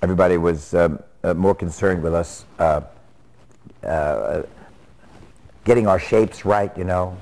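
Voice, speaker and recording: Sitcom actor reminiscing, deep-voiced, halting delivery. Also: male voice, gravelly, darkish tone. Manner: halting, full of fillers and restarts. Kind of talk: interview reminiscence.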